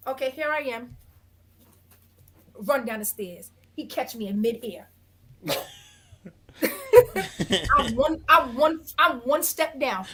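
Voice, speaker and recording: A woman guest on an interview podcast, telling a story in a blunt, dramatic and expressive way, acting out other people. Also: high-pitched, slow pace, pauses often, breathy edge. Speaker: guest, reality dating show cast member.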